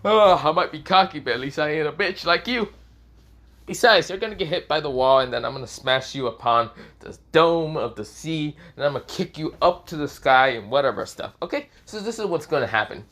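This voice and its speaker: A man's voice: on the high side, animated, brisk, fairly bright tone. A man voicing a brash, cocky young male fighter who taunts his enemy with crude insults.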